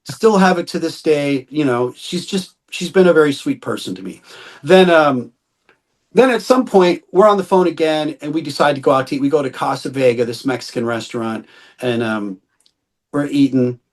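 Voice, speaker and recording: A middle-aged man spins a long story as an interview guest, his voice sitting a little high for a man. He jumps into the voices of the people he quotes and laughs often along the way. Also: normal speed. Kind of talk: storytelling anecdote in casual interview.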